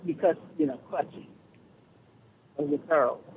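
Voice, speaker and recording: High-voiced male caller on a tinny phone line. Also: slight background noise. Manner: animated, indignant, quick retorts. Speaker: radio call-in caller. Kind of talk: casual storytelling on a call-in show.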